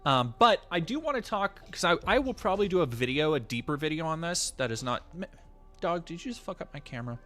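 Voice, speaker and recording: A man's voice: on the high side, very animated, quick pace, sharp tone, soft background music. A young man chatting on a live stream in a rambling, profane, jokey way, often restarting his sentences. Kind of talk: casual live-stream chat.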